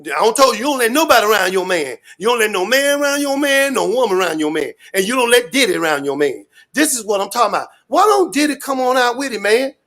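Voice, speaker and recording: Loud, rambling man ranting in street slang. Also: very high-pitched, big pitch swings, fast, hardly any pauses. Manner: loud, rambling, profane street talk with repeated catchphrases. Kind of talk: animated rant to an interviewer.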